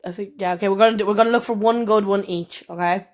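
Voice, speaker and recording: A woman's voice: medium pitch, fairly even intonation, fast. A woman co-hosting a podcast, chatting casually with crude, teasing humour and frequent laughter. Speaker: podcast co-host. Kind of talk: casual chat.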